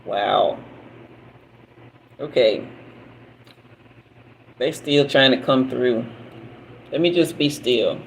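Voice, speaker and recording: A woman's voice: a bass voice, expressive, vocal fry, a little hiss or hum, poor audio. A woman giving a live spiritual reading, emotional and soothing as she speaks straight to her viewers. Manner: emotional, slow and soothing, talks to viewers directly. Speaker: spiritual reader.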